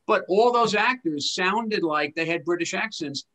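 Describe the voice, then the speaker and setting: Wry man with a higher voice. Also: measured pace, sharp tone. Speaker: discussion participant. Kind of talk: casual group discussion.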